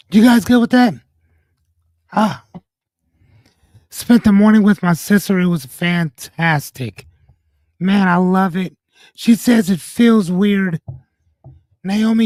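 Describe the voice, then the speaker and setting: Young guy streaming, high voice, loose and jokey, swears a bit, dry close sound. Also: lively intonation, slow, long pauses, a little mellow, dry recording. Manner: loose and joking, reads out chat names and comments; swears casually, breaks off with 'hold on'. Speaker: livestream host. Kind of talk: casual livestream chat with viewers.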